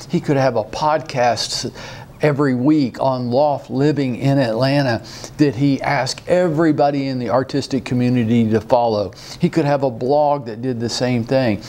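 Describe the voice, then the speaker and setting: A man gives an animated, rallying coaching talk full of rhetorical questions. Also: mid-range voice. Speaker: real estate sales coach. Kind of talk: motivational training talk.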